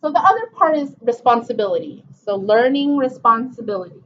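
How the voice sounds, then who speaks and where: A woman's voice: a little high, lively intonation, fairly quick, a bit bright. A middle-aged woman presenting a parent workshop, talking informally with many "okay"s and "um"s. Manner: conversational, repeats "okay" and "um", acts out parent and child quotes. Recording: dull lo-fi room recording.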